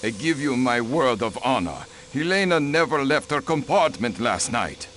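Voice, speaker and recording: A man's voice: medium pitch, expressive, normal speed, a bit bright, slight background noise, natural voice. A man voicing a haughty aristocratic count. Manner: haughty, clipped and dismissive. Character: haughty aristocratic diplomat, cold and protective. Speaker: count and diplomat. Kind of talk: video game voice acting.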